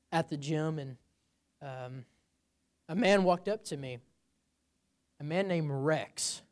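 A man preaching a sermon, telling a personal story and building to loud emphatic peaks before dropping low and quiet.

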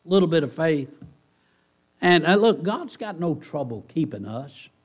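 A man's voice: fairly high pitch, a little slow. Folksy preacher man. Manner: folksy, animated, rhetorical questions to the congregation. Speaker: pastor. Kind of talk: sermon. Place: church.

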